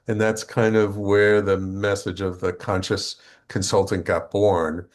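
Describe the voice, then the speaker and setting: A middle-aged man with a fairly low voice speaks as a podcast guest. He tells stories in a loose conversational way, slipping into the voices of the people he quotes and often restarting his sentences. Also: unhurried, few pauses. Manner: animated storytelling, acts out quoted dialogue, frequent restarts. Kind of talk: conversational storytelling.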